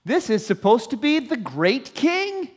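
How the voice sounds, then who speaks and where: A man preaching a sermon, telling a story dramatically and swinging from loud to hushed. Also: extremely high pitch, very animated, measured pace. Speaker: pastor.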